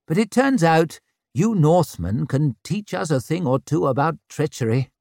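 A man's voice: on the high side, sing-song, measured pace, creaky, darkish tone, no room sound, pitched above the performer's own voice, full character voice. A man doing a wry, ironic young prince. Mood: wry, formal. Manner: dry ironic politeness.

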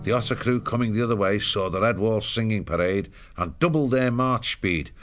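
A man reads a story aloud in a steady, measured way. His voice sits somewhat low. The delivery is calm and even. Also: faint music behind. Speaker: narrator. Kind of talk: audiobook narration.

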